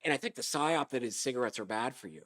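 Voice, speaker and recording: A man hosting a comedic podcast monologue, hoarse from a sore throat, with a sarcastic, rambling delivery. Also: mid-range voice, expressive, quick pace, fairly bright tone. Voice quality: hoarse, smoker-like. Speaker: podcast host.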